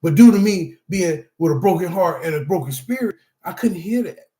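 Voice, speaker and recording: A man's voice: sits high, expressive, moderate pace, dark tone, roomy sound. A middle-aged man teaching anger management through personal testimony, talking emphatically and repeating himself, often calling the listeners "y'all". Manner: emphatic, repetitive, addresses audience as y'all.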